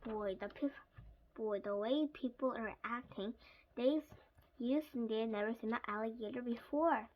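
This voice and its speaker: A woman's voice: high voice, unhurried, highs cut off, slight background noise, pitched above the performer's own voice. A woman reading aloud, voicing a jealous little boy who mutters sulkily. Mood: sulky. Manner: muttering, sulky.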